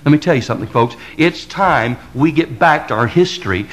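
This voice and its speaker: A man's voice: a little high, animated, brisk, few pauses, rough recording. A man from the American South with a Southern drawl, a pastor preaching an impassioned sermon that builds to emphatic crescendos in a repetitive rhetorical cadence.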